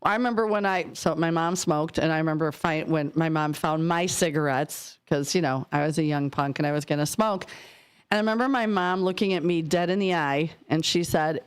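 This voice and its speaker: A woman's voice: low voice, clear, resonant tone. Teasing middle-aged female radio co-host. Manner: teasing, quick to laugh. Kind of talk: casual on-air banter. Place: radio studio.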